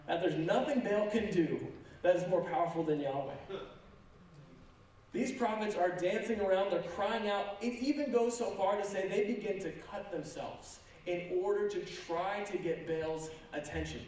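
A pastor preaching a sermon in an animated, joking manner with sarcastic asides. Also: male voice, sits high, a little hiss or hum. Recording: echoey sanctuary, from a distance.

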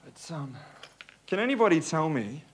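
A man's voice: fairly high pitch, sing-song, moderate pace. A male pastor preaching a sermon in a conversational way, joking with the congregation.

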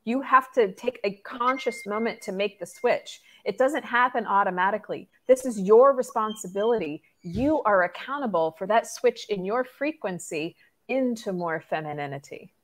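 Expressive woman spiritual mentor. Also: medium pitch, moderate pace. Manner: earnest, expressive, laughs easily. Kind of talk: conversational podcast interview.

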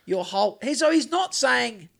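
A man's voice: very high-pitched, expressive, normal speed, creaky, fairly bright tone. A man, co-hosting a podcast in casual chat, rambling and swearing with lots of restarts. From New Zealand. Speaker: podcast co-host.

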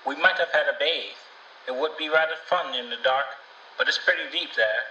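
A man's voice: a little high, moderate pace, pushed and bright, slight background noise, voice pushed up. A man reading a storybook who voices a curious, bold little girl in a raised, eager, chatty voice. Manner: eager, chatty, lightly teasing. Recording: roomy, distant, dull sound.

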